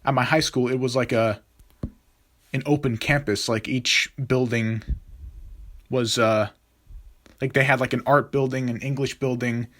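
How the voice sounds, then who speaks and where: A man's voice: mid-range voice, fairly even intonation, measured pace, long pauses, fairly bright tone, a little hiss or hum. A young adult man telling a story from his school days in a casual, rambling way, full of fillers and restarts.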